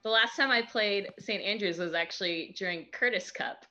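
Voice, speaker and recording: A woman's voice: medium pitch, moderate pace, bright, forceful tone, highs cut off, soft background music. A woman, a pro golfer, chatting and laughing a lot while playing an online match. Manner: giggly, chatty, self-deprecating. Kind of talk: casual chat during a game.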